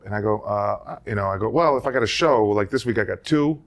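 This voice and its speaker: A man's voice: on the low side, quick pace, vocal fry. A man who co-hosts a podcast and does stand-up, chatting casually and acting out quotes as he tells stories. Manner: animated storyteller, acts out quotes. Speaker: podcast co-host and stand-up comic. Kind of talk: casual chat.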